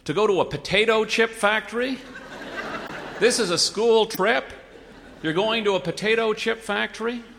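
A man's voice: high voice, expressive, normal speed, hardly any pauses, a bit bright, big-room sound, slight background noise. A man reading a story aloud and voicing a harried father who reacts with incredulous, exasperated questions, close to his own voice.

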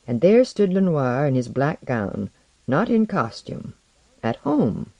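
A storyteller reading a fantasy tale aloud with measured, wry narration. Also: medium pitch, very animated, darkish tone, no room sound.

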